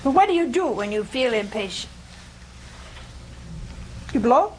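A woman's voice: a little high, sing-song, measured pace, very noisy. A woman giving an informal religious talk to a live audience, chatty and humorous, often putting questions to her listeners. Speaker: religious teacher.

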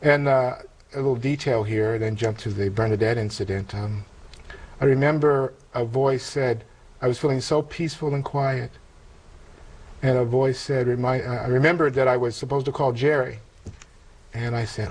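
An older man giving a personal testimony in conversation, earnest and reflective, with halting restarts. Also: medium pitch, darkish tone, low-quality recording. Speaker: interview guest telling a conversion story.

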